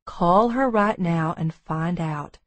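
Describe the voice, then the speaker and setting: A woman reading an audiobook voices a charming, confident adult man who speaks in a calm, reassuring way. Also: lowish voice, slow, no room sound.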